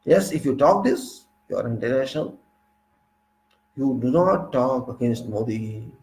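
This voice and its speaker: A man's voice: mid-range voice, animated, unhurried, darkish tone, slight background noise, poor audio. A man with an Indian English accent giving an indignant political monologue, full of rhetorical questions and repeated phrases. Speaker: political commentator.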